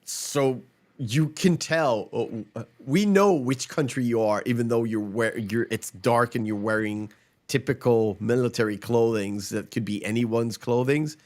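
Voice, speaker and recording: A man's voice: medium pitch, measured pace, darkish tone. A man hosting a podcast in casual chat, rambling and emphatic, swearing freely. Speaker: podcast host.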